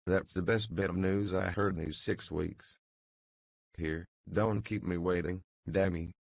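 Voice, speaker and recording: A man's voice: low-pitched, steady tone, a little slow, vocal fry, no echo, full character voice. A man voicing a gloating brutal brothel keeper.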